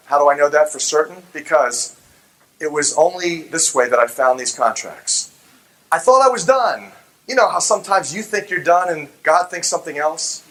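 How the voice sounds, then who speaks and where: A man's voice: fairly high pitch, low-quality recording. A middle-aged man giving a fervent, religious public talk, telling a story and acting out the voices of the people in it. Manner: animated storyteller who acts out quoted voices. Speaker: public speaker.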